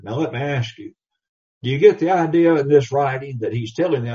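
A man preaching a sermon, emphatic, slowly reading scripture in old English. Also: mid-range voice, mellow. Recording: distant, dull lo-fi recording.

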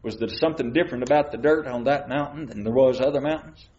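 A man preaching a sermon, reading scripture slowly and putting questions to the congregation. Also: mid-range voice, a little mellow. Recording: muffled church recording.

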